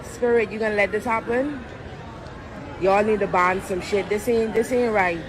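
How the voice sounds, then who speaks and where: A woman's voice: mid-range voice, steady tone, moderate pace, crowd noise, low-quality recording. A woman filming a social media video, giving outraged, exclaiming running commentary in an airport. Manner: loud, indignant, exclaiming to the room. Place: busy airport.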